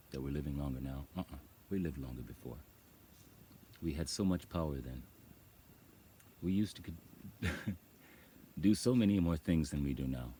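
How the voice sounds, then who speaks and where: A man's voice: very deep voice, dark tone, slight background noise. A man vlogging outdoors on a rural farm, rambling in casual talk and laughing as he acts out voices.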